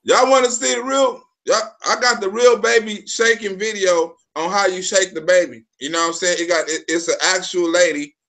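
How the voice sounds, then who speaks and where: Male livestream host with a high voice. Loose street slang, swearing, sudden loud bursts. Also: fairly even intonation, moderate pace, hardly any pauses. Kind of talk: casual livestream chat.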